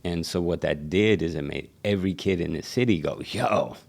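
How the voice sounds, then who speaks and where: Low gravelly-voiced man telling stories. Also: brisk. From Seattle. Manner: animated storyteller who acts out quotes, swears freely. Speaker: barber and shop owner, guest. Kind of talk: casual storytelling.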